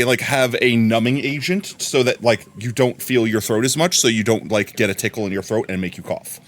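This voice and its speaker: A man's voice: mid-range voice, a bit bright. A man streaming and chatting casually to his viewers, rambling and repeating words as he goes.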